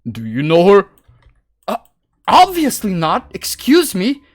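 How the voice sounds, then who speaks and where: A woman's voice: low-pitched, big pitch swings, a little slow, no echo, clean studio sound, exaggerated voice. A woman voicing a prickly young woman companion who nags and snaps indignantly in tabletop role-play. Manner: sharp and indignant.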